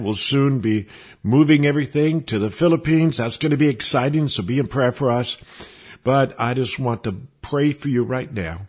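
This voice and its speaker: Husky-voiced man preaching a sermon. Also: medium pitch. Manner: earnest, quotes scripture often, warm closing prayer.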